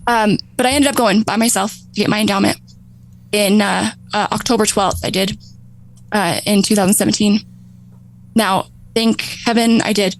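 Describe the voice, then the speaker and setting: A woman in her thirties telling her own recovery story on a talk show, animated, laughing often and acting out her past thoughts. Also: medium pitch, vocal fry, low-quality recording. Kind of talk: emotional personal storytelling.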